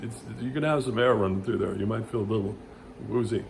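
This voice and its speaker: A man teaching vocal exercises in a loose, rambling way, with many restarts and loud sung vowel demonstrations. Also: fairly low pitch, fast, gravelly, a little hiss or hum. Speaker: vocal coach. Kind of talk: casual vocal lesson with demonstrations.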